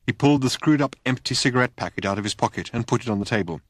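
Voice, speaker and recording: A man narrating an audiobook in a wry, measured reading voice, recorded in a studio. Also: mid-range voice, lively intonation, no room sound.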